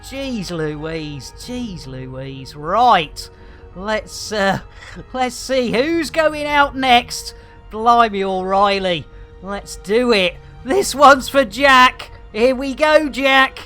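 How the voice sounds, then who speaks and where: Cheeky streamer, lively pitch, unhurried delivery, faint game music underneath. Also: male voice. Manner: cheeky, playful, with hammy exclamations. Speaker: livestreamer playing a space game. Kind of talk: casual chat with chat shout-outs.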